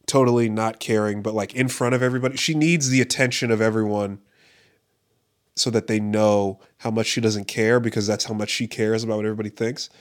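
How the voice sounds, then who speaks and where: Here a stand-up comedian based around Los Angeles rambles through a loose, foul-mouthed podcast-style rant, full of "like" and frequent laughs. He talks a little fast in a lowish voice with fairly even intonation.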